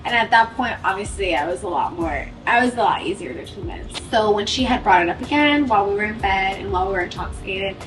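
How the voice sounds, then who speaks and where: A woman's voice: medium pitch, animated, fast, few pauses, over music. A woman telling a casual story, chatty and cutting in, acting out what each person said. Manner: chatty, quotes dialogue, cuts in. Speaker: vlogger telling couple story. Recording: roomy sound from a distance.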